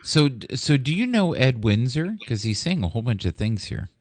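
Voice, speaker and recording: A man's voice: medium pitch, very animated, moderate pace, very noisy. A man from Canada hosting a casual video call interview, playful and teasing. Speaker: host.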